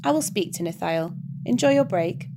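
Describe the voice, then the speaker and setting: A woman's voice: fairly low pitch, animated, moderate pace. A woman doing a curt, businesslike archangel. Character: brisk, formal archangel. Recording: background hiss.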